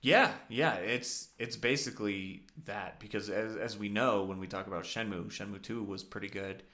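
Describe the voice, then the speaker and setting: Podcast co-host, adult man, low voice, loose rambling delivery with lots of ums. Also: moderate pace, pushed and bright. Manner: rambling, lots of fillers and restarts. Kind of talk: casual chat.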